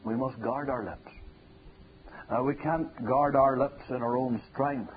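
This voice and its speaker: A man preaching a sermon, hammering points home through repetition and building to loud peaks. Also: mid-range voice, fairly even intonation, a little slow. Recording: tinny phone-like sound with faint hiss.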